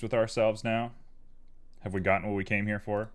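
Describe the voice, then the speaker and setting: A man's voice: on the low side, level tone, moderate pace, clean tone. A man live-streaming his 3D art work, chatting casually and playfully with viewers while he works. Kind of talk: casual chat while working.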